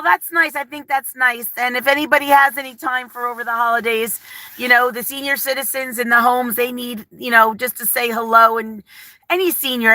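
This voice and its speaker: Chatty woman streamer, nervous and emotional, rambles between viewer comments; bright edge to the voice. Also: a little high, dry recording. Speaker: livestream vlogger. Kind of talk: casual live-chat talk.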